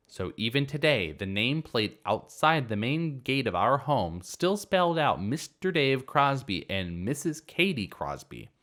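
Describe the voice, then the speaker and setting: A man narrating a reddit story in a dramatic, expressive way. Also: lowish voice.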